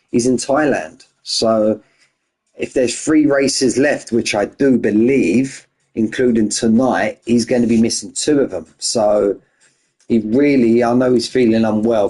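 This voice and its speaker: A man's voice: lowish voice, warm tone, husky. A man hosting an online racing league stream, chatting casually and greeting viewers one by one as mates. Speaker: race league host.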